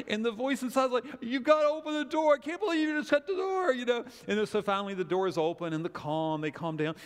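A middle-aged man preaching a sermon, telling a family story in an animated way and acting out the quotes. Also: sits high. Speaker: pastor. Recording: long hall reverb.

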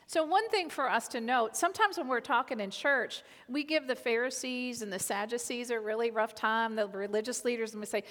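A woman preaching a sermon in an earnest manner, repeating key lines for emphasis. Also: on the high side. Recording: reverberant hall.

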